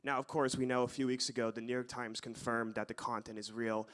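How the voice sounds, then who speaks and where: A man's voice: medium pitch, little pitch movement, fairly quick, fairly bright tone. Polite young man asking a question. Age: young adult. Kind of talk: audience question at a conference.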